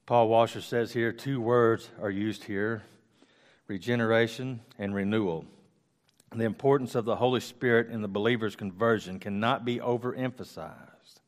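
A man with a lowish voice and steady tone teaches a Bible study. He reads scripture out loud, then works back through it slowly, restarting and tossing in casual asides, all recorded close to the microphone.

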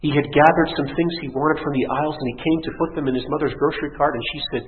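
A man preaching a sermon with emphasis, building repeated lists to a high pitch. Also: steady tone, quick pace. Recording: echoey hall over a tinny phone-like line.

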